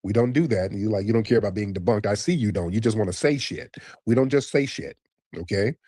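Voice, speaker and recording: A man's voice: fairly low pitch, fast, dark tone, dry recording, clean studio sound. A man hosting a live call-in show, blunt and teasing as he orders callers around. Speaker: host.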